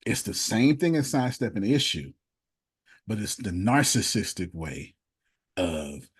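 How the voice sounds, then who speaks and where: A man's voice: on the low side, expressive, a little slow, breathy edge. A man coaching a group in an emphatic, preachy manner, using casual, conversational grammar and repeating his points for effect over a video call. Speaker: motivational speaker and business coach. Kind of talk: animated live coaching session.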